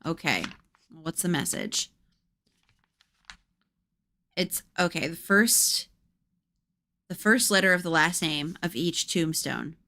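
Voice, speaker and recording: A woman's voice: on the low side, lively intonation, slow, pauses often, pushed and bright. Wry woman streamer reading aloud. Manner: chatty, wry asides. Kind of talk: reading a gamebook aloud with commentary.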